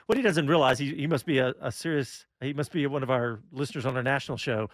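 A man's voice: medium pitch, fast, no echo. Male show host, dry studio sound. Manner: upbeat, leads segments.

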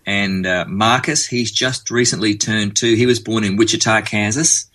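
A man with an Australian accent, a former band bassist, chatting easily as an interview guest and rambling through stories with plenty of fillers. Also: steady tone, normal speed, a bit bright, soft background music. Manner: easygoing, rambling storyteller with fillers. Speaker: musician guest. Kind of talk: casual interview chat.

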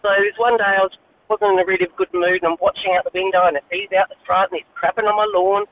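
A woman calling in to a radio show, telling a fed-up, animated story. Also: mid-range voice, quick pace, slight background noise. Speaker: radio caller. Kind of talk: phone-in storytelling. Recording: tinny distant phone line.

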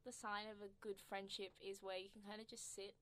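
A woman's voice: mid-range voice, flat delivery, a little fast, a crowd in the background. A young woman co-hosting a casual radio chat show, chatty and trailing off with fillers. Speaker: radio co-host. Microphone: studio microphone.

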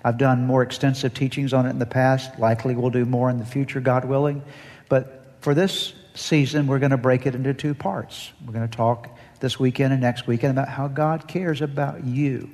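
A man's voice: mid-range voice, level tone, normal speed, darkish tone, long reverb tail. A male pastor preaching an earnest sermon and leading the congregation in call-and-response.

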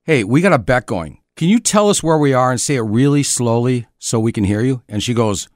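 A man's voice: medium pitch, animated, brisk, dry recording. A middle-aged man, a former soccer player, telling jokey stories as a guest in a casual podcast chat. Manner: jokey storyteller with a dry, easygoing delivery.

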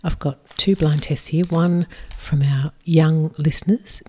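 A woman's voice: low voice, steady tone, a little slow, mellow. A woman, hosting a casual podcast and leading a chip taste test with teasing chatter. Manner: chatty, teasing, runs the tasting. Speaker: podcast co-host. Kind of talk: casual chat.

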